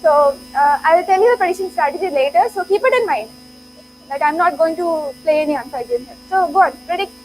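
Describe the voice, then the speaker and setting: A woman's voice: sits high, fast talker, soft background music, rough recording. A woman giving an interactive classroom lecture, playful, laughing often and urging the students on. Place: lecture hall.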